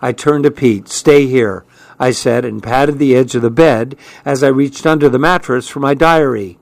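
A man reading a first-person story aloud in scripted narration, measured and unhurried. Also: mid-range voice, creaky, no echo. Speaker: audiobook reader.

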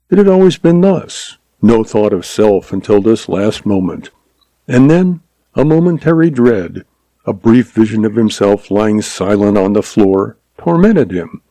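A man reading a western story aloud as scripted narration, with measured, dramatic storytelling. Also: on the low side, mellow, dry recording.

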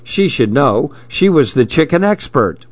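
Man reading a story out loud, slow and steady, dry muffled lo-fi sound. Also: fairly high pitch, breathy edge, dry recording. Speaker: narrator. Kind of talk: storybook narration. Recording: dull lo-fi recording.

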